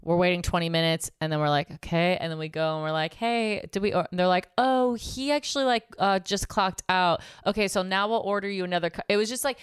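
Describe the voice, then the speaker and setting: Low, smooth-voiced woman, profane storyteller. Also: quick pace, hardly any pauses, no room sound, clean studio sound. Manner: profane, animated retelling with many "like"s. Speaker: podcast co-host. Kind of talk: casual storytelling chat.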